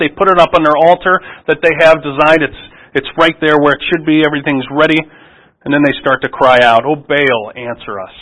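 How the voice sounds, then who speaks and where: A man's voice: fairly high pitch, fairly bright tone, low-quality recording. A man preaching a sermon in a conversational way, often restarting phrases and asking rhetorical questions.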